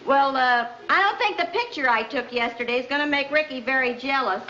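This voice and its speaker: A loyal, good-natured best friend chummy and reassuring. Her voice is high and bright. The old TV soundtrack is muffled, with faint hiss. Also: a little fast. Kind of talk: 1950s sitcom acting.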